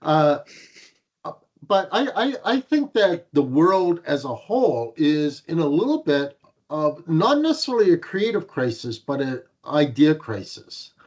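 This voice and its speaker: A fairly high-pitched, very animated man co-hosts a podcast at a measured pace, chatting casually with wry banter. He hammers points home by restarting phrases, and the lo-fi audio sounds muffled.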